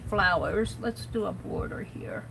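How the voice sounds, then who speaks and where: A woman's voice: mid-range voice, expressive, a little slow, vocal fry, background noise. A woman hosting a live drawing tutorial, chatting and thinking aloud as she narrates and counts each stroke. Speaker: art stream host.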